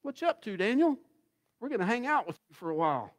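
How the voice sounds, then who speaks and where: Preacher putting on laid-back friendly lions, squeaky high, quick and slangy. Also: male voice, sing-song, no room sound. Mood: playful. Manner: breezy slangy. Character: friendly easygoing lions, casual.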